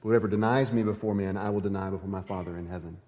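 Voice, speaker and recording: In a large hall, a pastor preaches at a quick pace with a warm voice and fairly even intonation, yet his emphatic delivery still swings dramatically in pitch and volume. He reads scripture and presses his points firmly. The audio is dull.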